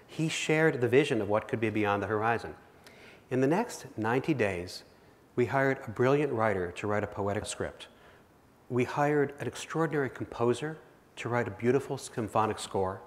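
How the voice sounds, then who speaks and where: A keynote speaker with a mid-range voice and moderate pace tells a vivid story in the second person to a live audience. He is in a large auditorium, and the big hall gives a long reverb.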